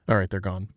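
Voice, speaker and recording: A man's voice: no room sound, studio quality. A man co-hosting a casual livestream chat who talks in a rambling, laughing, self-mocking way. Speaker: co-host.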